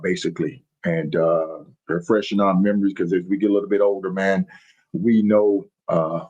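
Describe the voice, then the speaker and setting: A man's voice: fairly low pitch, a little mellow, highs cut off. A middle-aged man hosting a live podcast from the road, folksy and hyped, greeting viewers by name over and over. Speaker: podcast host. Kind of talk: live-streamed podcast chat. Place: on the road while traveling.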